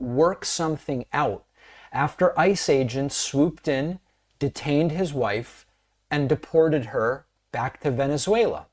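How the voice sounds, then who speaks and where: A man's voice: mid-range voice, a little mellow. Indignant male news commentator. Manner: indignant, emphatic.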